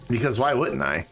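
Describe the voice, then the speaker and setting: Joking around while streaming a game, this man talks to things in it during relaxed chat. He has a medium-pitched, slightly bright voice with vocal fry.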